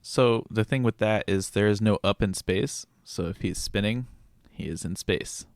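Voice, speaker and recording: A young man co-hosting a casual podcast chat, measured and explaining at length. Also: fairly low pitch, no room sound, clean studio sound. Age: young adult. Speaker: podcast co-host.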